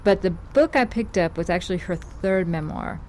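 A chatty middle-aged woman talks casually to her viewers in a lowish voice. She rambles and corrects herself as she goes. Faint noise sits under the recording. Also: animated, moderate pace, darkish tone. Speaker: vlogger.

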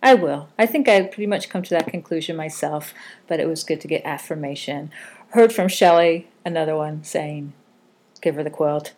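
A woman hosts a casual podcast. She rambles through listener comments, full of fillers and quick self-corrections, in a relaxed, chatty way. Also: sits low. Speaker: podcast host.

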